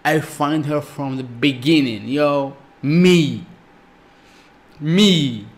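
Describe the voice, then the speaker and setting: A man, not an English speaker, excitedly reacting to a music video in broken English with lots of exclamations. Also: fairly high pitch, very slow.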